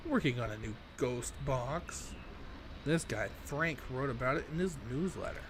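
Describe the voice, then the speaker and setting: A man's voice: on the high side, lively intonation, normal speed. A man reading a game's dialogue aloud and breaking in with sarcastic, swearing asides as a let's play host. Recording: clear background noise.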